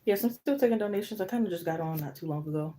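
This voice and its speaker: A woman's voice: on the low side, racing, mellow, a little hiss or hum. A woman doing a casual live tarot reading, out of breath, chatting to viewers by name. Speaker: tarot reader.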